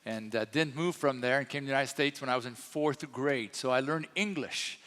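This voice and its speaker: A man's voice: mid-range voice, a little fast, fairly bright tone. A man in his sixties from France with a light French accent, preaching a sermon as co-pastor in a chatty, storytelling way. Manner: storytelling, chatty with many fillers. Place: church sanctuary. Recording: long reverb from a church hall.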